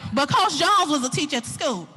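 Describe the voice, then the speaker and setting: Southern woman, sermon, high-pitched, bright tone, hushed then shouting. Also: fairly quick, slight background noise. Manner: animated, swings from hushed to shouting. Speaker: preacher.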